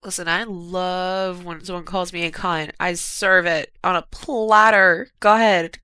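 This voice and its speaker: A woman's voice: on the low side, fairly even intonation, measured pace, pushed and bright, clean tone. A woman host giving reaction commentary in a sassy, mocking, lecturing way. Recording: music bed under voice.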